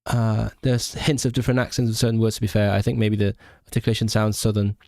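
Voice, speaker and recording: A man's voice: on the low side, flat delivery, fast talker, vocal fry, a little mellow, no echo, studio quality. Chatty young man on a livestream. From Hong Kong. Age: young adult. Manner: chatty, laughs often, restarts words, reads chat questions aloud. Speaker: language-learning streamer. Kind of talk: casual livestream Q&A. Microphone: large microphone close to the face.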